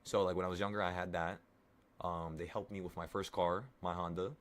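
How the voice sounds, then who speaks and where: A man's voice: low voice, flat delivery, a little fast. A man in his twenties, casually talking viewers through an options trade and reassuring them in a rambling, coaching way. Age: 20s. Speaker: options trading streamer. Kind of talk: casual live trading talk to viewers.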